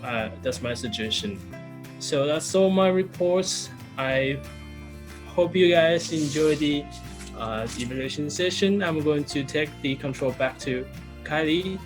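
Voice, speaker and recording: A man's voice: on the high side, unhurried, music in the background. A man giving a general evaluation at an online meeting, listing his points one by one. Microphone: video call.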